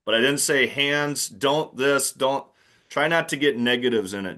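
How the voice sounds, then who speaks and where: A man's voice: medium pitch, unhurried, sharp tone. Man coaching new referees, emphatic. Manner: emphatic, plain-spoken, demonstrates calls aloud. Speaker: basketball officiating instructor. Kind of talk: instructional talk to new officials.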